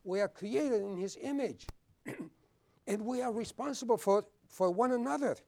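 A man preaching a sermon, earnest and repeating his words, at times dropping low and soft for solemn points. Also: moderate pace. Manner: earnest, repeats words, clears throat often.

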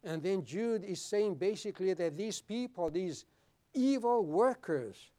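A man preaching a sermon, earnest and repeating his words, at times dropping low and soft for solemn points. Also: animated, a little slow. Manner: earnest, repeats words, clears throat often.

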